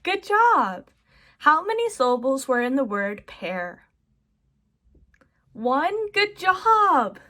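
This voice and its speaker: A woman teaching a children's lesson, slowly modeling words and praising the listener. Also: sits high, very animated, sharp tone. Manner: slow, encouraging, modeling words for kids.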